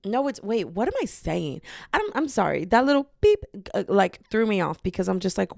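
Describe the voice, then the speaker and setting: A woman's voice: mid-range voice, very animated, moderate pace, vocal fry, a little mellow, no room sound, clean studio sound. A young woman hosting a casual solo podcast from her bedroom, rambling playfully and slipping into bits of singing. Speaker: podcast host. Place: bedroom with hardwood floor. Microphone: podcasting mic.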